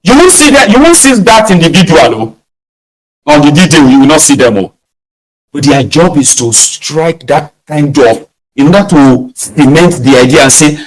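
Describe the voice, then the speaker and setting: A Nigerian-accented man giving animated opinion commentary. His voice sits a little high, and he hammers his points home with emphatic tags. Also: normal speed, rough recording. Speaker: online commentator.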